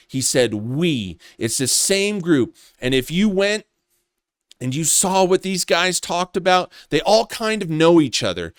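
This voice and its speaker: Man, slow deliberate pace, smooth clear voice, dry close sound, scornful accusing rant. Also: fairly high pitch, fairly bright tone, no echo. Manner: accusatory, contemptuous, profane. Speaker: commentary vlogger. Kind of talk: ranting commentary.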